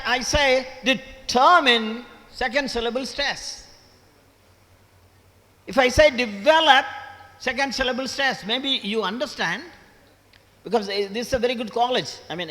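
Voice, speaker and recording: A man's voice: very high voice, bright, forceful tone. A man in his seventies with a Tamil Indian English accent gives a motivational lecture to college students. He asks the audience questions, repeats key points and stresses each syllable. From Tamil Nadu, India. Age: 70s. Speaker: guest lecturer, former English professor. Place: college auditorium. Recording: long hall reverb.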